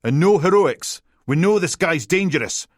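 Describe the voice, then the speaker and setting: A man's voice: a little high, moderate pace, a bit bright, no room sound, clean studio sound, pitched above the performer's own voice, natural voice. A man voicing a police commander barking orders over a radio. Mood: commanding.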